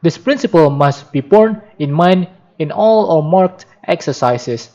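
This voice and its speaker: A man's voice: a little high, lively intonation, measured pace, warm tone. A man, a native Spanish speaker, reading a book aloud for practice, carefully, with occasional slips and restarts. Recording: dull lo-fi sound.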